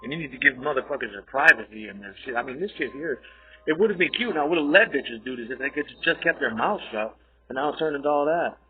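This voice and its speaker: A man's voice: mid-range voice, fast. A man in an aggressive, profane, rambling rant, talking straight at his listener. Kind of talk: ranting monologue. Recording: tinny phone-like audio.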